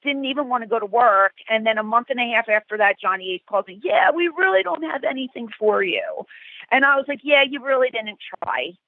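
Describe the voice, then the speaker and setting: A middle-aged woman, a guest, telling animated stories and acting out the quotes. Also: on the high side, fairly quick, no echo. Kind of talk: storytelling interview. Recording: tinny phone-like call, dry.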